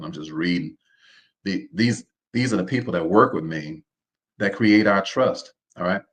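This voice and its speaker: A man's voice: sits low, a bit bright. A man hosting a live online seminar. He talks in an informal, preacher-like way, repeats his phrases and keeps calling on the listeners to respond. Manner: preacher-like, calls on the audience to respond. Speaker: host.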